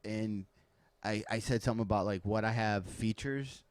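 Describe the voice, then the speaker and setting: A man's voice: fairly low pitch, normal speed, dry recording. A man who is a stand-up comic, chatting casually as a podcast guest, candid and mimicking other comics. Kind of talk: casual chat.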